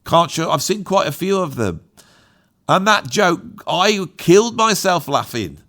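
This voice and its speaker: Casting: middle-aged English man, English accent, fairly high voice, easygoing rambler who tells funny anecdotes. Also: big pitch swings, a little slow, a bit bright. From England. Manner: jokey, digressive, storytelling. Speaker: YouTube host, drummer. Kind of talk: casual rambling monologue.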